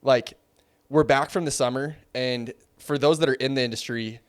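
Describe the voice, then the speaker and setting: Smooth-voiced man hosting a podcast. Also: mid-range voice, fairly even intonation, normal speed. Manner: reflective, asks broad framing questions. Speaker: podcast host. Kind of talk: casual interview chat.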